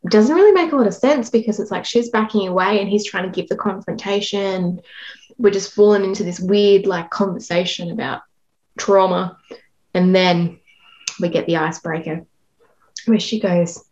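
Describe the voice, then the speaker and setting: A woman's voice: mid-range voice, normal speed, a little mellow. A woman co-hosting a book podcast who recaps the plot in a blunt, wry, casual way, swearing now and then. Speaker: podcast co-host. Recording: dull lo-fi mic.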